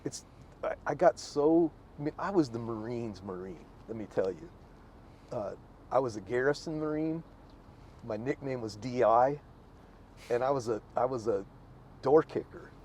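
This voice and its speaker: A mid-pitched man speaks as an interview guest in a relaxed conversation. He halts, stammers and restarts his sentences, with a faint hiss in the background. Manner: halting, stammering, restarts often. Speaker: guest, former Marine.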